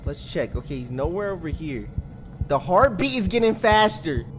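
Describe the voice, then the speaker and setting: A man giving excitable gameplay commentary as a gaming YouTuber, yelping and screaming when scared. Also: faint music behind. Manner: rapid high-pitched panicky exclamations.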